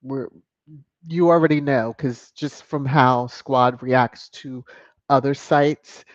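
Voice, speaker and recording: A woman's voice: a bass voice, steady tone, takes it slowly, no room sound. Effusive chatty woman live-streaming. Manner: effusive, chatty, laughs often. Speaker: channel host. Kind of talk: live-stream chat reading viewer donations. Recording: dull, dry lo-fi sound.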